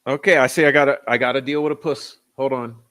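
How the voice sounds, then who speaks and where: A man's voice: medium pitch, fairly even intonation, fast, a bit bright. A man giving profane, sarcastic, combative commentary on interview clips during a live stream.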